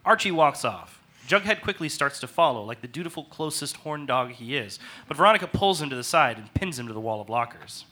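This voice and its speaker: A man's voice: mid-range voice, animated, brisk, sharp tone. A man reading out stage directions in a comedic table read, wry and mock-serious. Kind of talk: comedic script narration.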